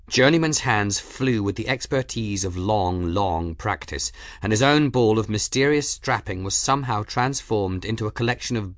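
A man narrating an audiobook chapter in a measured, dramatic storytelling manner, close to the mic. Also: lowish voice, fairly bright tone, dry recording. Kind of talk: scripted narration.

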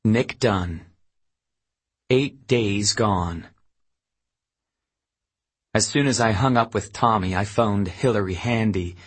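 Man reading a novel in first person, husky voice, unhurried and low-key. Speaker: audiobook narrator. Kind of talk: scripted first-person narration.

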